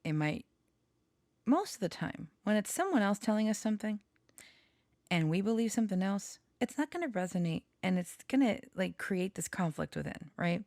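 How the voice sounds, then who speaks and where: A woman talking slowly and haltingly with many pauses, sharing personal reflections in a vlog, short on sleep. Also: medium pitch, big pitch swings, a little mellow, no echo. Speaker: tarot reader and storyteller.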